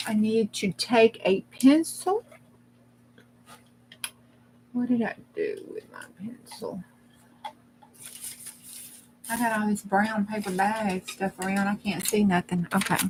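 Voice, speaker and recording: Slow and mid-range, with long pauses and a darkish tone, this woman's voice carries slight background noise. She hosts a crafting livestream, chatting to her viewers in a rambling, folksy way while she crafts.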